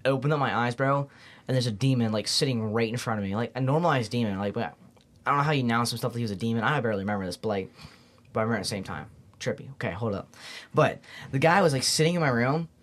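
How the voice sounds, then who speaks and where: A young man talks quickly on a podcast, piling up words in a loose, excitable ramble. His storytelling is casual and full of slang fillers, with a mid-range voice. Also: mid-range voice. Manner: rambling, excitable, heavy on "like" and "bro". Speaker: podcast guest.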